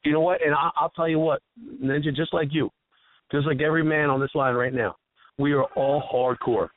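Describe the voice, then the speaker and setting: A man's voice: fairly high pitch, fairly even intonation, a little fast, no echo. Guy hosting a talk show, earnest and emotional, dry tinny phone-line sound. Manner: earnest, emotional, heartfelt storytelling. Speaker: host. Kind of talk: casual radio talk.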